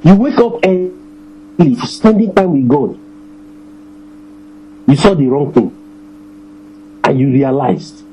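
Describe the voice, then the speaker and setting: A man preaching a sermon, his voice mellow and fairly high for a man. He swings his pitch widely, repeating phrases and slowing right down to stress the verses. A faint hum sits underneath. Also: animated, rough recording. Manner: emphatic preaching, repeats phrases, slows on scripture.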